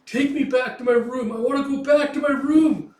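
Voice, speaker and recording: A man's voice: very high voice, steady tone, moderate pace, darkish tone, voice pushed up. A man voicing a panicked young noble girl who screams hysterically, in a roomy echo from a distant mic.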